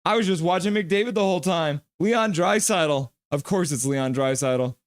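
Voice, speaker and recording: A man hosting a live hockey reaction stream, calling plays and reading out chat messages with excitement. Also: fairly high pitch, normal speed, dry recording, clean studio sound. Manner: excitable, chatty, reads chat aloud.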